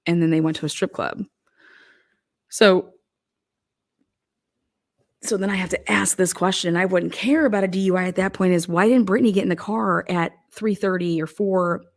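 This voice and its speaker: A woman's voice: fairly low pitch, fairly even intonation, normal speed, long pauses. Blunt, heated woman commenting on a case. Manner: blunt, heated, rhetorical questions. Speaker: true crime commentator. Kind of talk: casual, profane true crime commentary.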